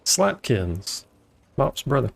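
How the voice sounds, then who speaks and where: A man's voice: mid-range voice, very animated, slow, vocal fry. A man streaming a video game, talking casually with wry grumbling and swearing. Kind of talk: casual gameplay commentary.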